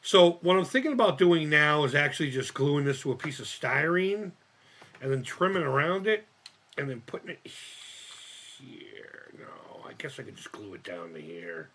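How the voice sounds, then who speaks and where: Husky, animated man chatting while he builds. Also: on the high side, normal speed. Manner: rambling, swears often, laughs at himself, thinks aloud. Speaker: streamer building a model kit. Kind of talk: casual live-stream chat while crafting.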